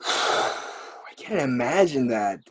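A man hosts a casual chat in a mid-range voice, recorded dry and close. He talks in a relaxed way, often sighing and repeating words as he finds his thoughts. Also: medium pitch, extremely slow, husky, no room sound.

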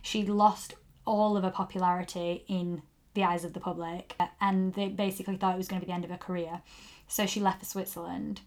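A woman's voice: fairly low pitch, level tone, a little fast, a little mellow. A woman co-hosting a podcast, telling a story in casual chat with giggly asides. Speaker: podcast co-host.

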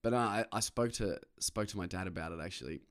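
A man rambles to camera in a loose solo monologue. He swears freely, pokes fun at himself, and breaks into laughs. His voice sits on the lower side. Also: fast. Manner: rambling, sweary, self-mocking, laughs often. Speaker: vlogger.

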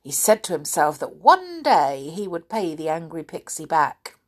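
A woman reading a children's storybook aloud in a gentle, soft-spoken way, dropping to a whisper now and then. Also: sits low, expressive, moderate pace, hardly any pauses. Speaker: storybook reader.

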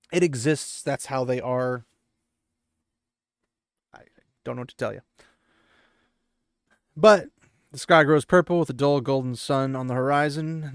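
A man's voice: mid-range voice, gravelly, smooth, no room sound, studio quality. A man hosting a podcast and recapping a book chapter in rambling, conversational chat. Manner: rambling, conversational, with filler words. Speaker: podcast host.

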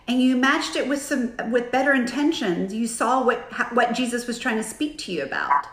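Brief: woman host, reflective faith talk, halting delivery, higher voice. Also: lively intonation. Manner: reflective, halting, restarts often. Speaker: podcast host. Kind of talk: faith-based conversation. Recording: roomy echo.

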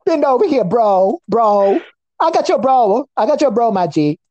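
A woman's voice: on the high side, sing-song, normal speed, warm tone, dry recording, muffled recording. A woman guest on a comedy podcast, delivering a crude, profane roast in a mocking voice and breaking into nonsense singsong chants.

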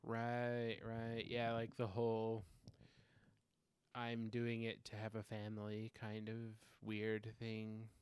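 Relaxed, smooth-voiced male podcaster. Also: on the low side, slow, no echo. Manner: relaxed, hesitant, many fillers. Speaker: podcast co-host. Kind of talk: casual chat.

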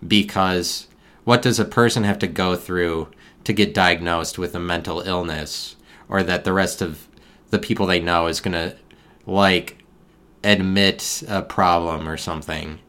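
A man hosting a podcast alone, musing in a meandering, deadpan way with absurd tangents. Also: sits low, a little slow. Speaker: podcast host. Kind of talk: rambling solo podcast musing.

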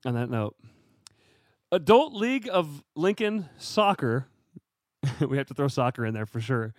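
A man co-hosting a casual podcast, chatty and quick to laugh, with lots of fillers. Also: a little high, no echo, clean studio sound. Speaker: podcast co-host. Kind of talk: casual chat.

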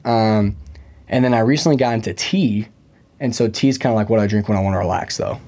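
A man's voice: fairly low pitch, fairly quick, warm tone. A young man hosting a casual podcast chat, joking and rambling with plenty of fillers. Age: young adult. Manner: chatty, joking, full of fillers. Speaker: podcast host.

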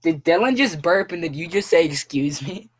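Low-voiced teenage girl, teasing. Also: expressive, moderate pace. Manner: teasing, giggly. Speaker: podcast co-host. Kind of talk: casual chat.

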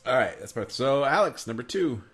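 Lively laughing man on a podcast. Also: mid-range voice, normal speed. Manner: animated, laughing a lot, quoting scenes in put-on voices. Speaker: podcast co-host. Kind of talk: casual chat.

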